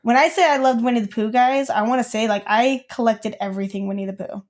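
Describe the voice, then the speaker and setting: A woman's voice: fairly high pitch, fairly even intonation, fast talker, darkish tone. Young woman, podcast co-host, casual chat, storytelling, lots of "like". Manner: storytelling, many fillers like "like".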